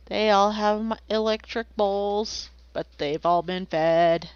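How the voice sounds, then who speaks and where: A woman's voice: medium pitch, steady tone, slow pace, smooth, no room sound. A woman streaming while she draws, chatting casually and playfully, rambling and making silly noises. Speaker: streamer drawing commissions. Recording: slightly dull lo-fi, dry.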